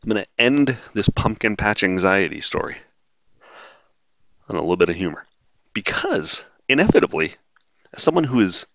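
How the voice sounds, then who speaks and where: A man's voice: lowish voice, sing-song, normal speed, vocal fry, long pauses, a bit bright, no echo, highs cut off. A man hosting a solo podcast, talking in a blunt, sarcastic, rambling way with lots of fillers. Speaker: podcast host.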